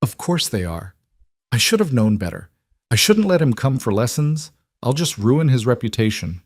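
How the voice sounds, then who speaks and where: A man's voice: medium pitch, very animated, moderate pace, no echo, clean studio sound. A man voicing a shy young woman schoolteacher who doubts herself and speaks hesitantly. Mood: anxious. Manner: hesitant, self-deprecating.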